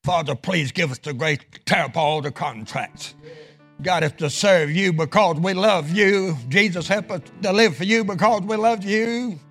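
A middle-aged man preaching a sermon in a church, with chanted, sung-out phrases, then falling to a hushed voice in prayer. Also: high-pitched, normal speed, faint music behind. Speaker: pastor. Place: church sanctuary.

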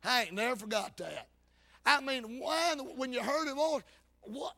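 A man preaches a sermon. His voice sits very high and sounds bright and forceful. He preaches in a fervent, folksy way, swinging between loud calls and low asides. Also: expressive, measured pace, creaky. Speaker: Baptist preacher.

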